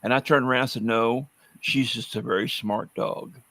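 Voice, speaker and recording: A man's voice: mid-range voice, steady tone, moderate pace, fairly bright tone, dry recording. A man telling blunt, wry stories in a casual podcast conversation. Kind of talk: casual anecdotal storytelling.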